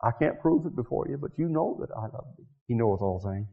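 A man preaching a revival sermon in church, swinging from quiet pleading to shouted, drawn-out climaxes. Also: mid-range voice, expressive, gravelly, narrow, tinny audio.

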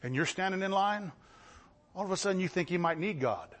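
A man delivers a fiery sermon. His voice sits high and leaps around in pitch, rising to shouts and then sinking into quiet, wry asides. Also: expressive, fairly quick. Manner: impassioned, swinging between shouts and low asides. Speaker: preacher.

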